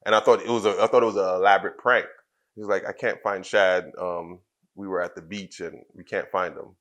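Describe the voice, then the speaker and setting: A man from Trinidad, in his thirties, telling a personal story in an interview, soft-spoken and halting, with many fillers and restarts. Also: low voice, fairly even intonation. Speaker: wrestler guest.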